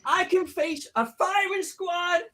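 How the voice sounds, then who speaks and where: A brash young American companion who shouts her lines in a very high, piercing voice, as a woman puts her on. The accent is an obviously faked American one, pushy and loud throughout. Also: slow, heavily acted. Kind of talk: comic character audition on a podcast.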